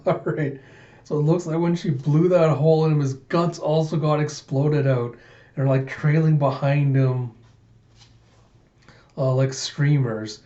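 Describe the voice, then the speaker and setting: A man's voice: on the high side, measured pace. Man reading a comic aloud, lo-fi. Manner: animated retelling of panels, playful asides. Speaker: comic reader. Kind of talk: casual comic readthrough. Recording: dull lo-fi sound.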